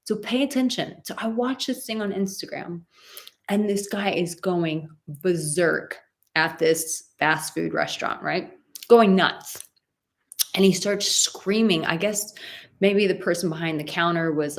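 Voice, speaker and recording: A woman's voice: on the low side, fairly even intonation, a little slow. A woman dating coach giving emphatic, rambling advice in a live stream, often going off on tangents.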